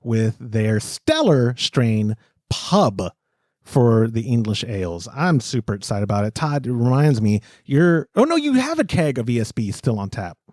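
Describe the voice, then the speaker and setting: A man's voice: medium pitch, unhurried, dry recording, clean studio sound. A man hosting a casual podcast, chatting loosely, plugging sponsors, laughing often and correcting himself mid-sentence. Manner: animated, laughs often, rambling self-corrections. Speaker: podcast host.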